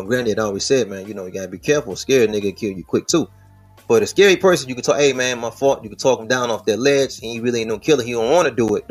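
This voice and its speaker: A man's voice: mid-range voice, husky. A man hosting a podcast, talking through the news in casual, slangy, profane commentary. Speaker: podcast host.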